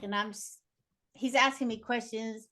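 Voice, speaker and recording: A woman guest in a casual interview, telling stories in a lively way and acting out the dialogue. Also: fairly high pitch, normal speed. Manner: animated, acts out dialogue in her stories. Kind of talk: casual conversational storytelling.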